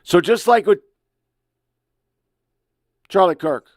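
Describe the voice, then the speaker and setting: A podcast host in his fifties reacts to online clips with a blunt, profane, emotional rant, his heated delivery unfolding slowly. His voice is high with lively intonation, captured in studio quality with no echo.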